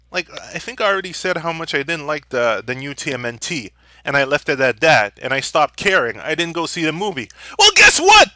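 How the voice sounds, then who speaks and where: A young man's high, very bright voice rises and falls wildly as he rants in fury, swearing and shouting. The sound is dry and close, with no room echo. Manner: furious, profane, shouting at times. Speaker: vlogger. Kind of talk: angry rant.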